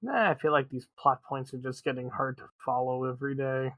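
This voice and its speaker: A man's voice: medium pitch, a little fast, a bit bright, no room sound. A man co-hosting a podcast in casual chat, laid-back and terse in his replies. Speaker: podcast co-host.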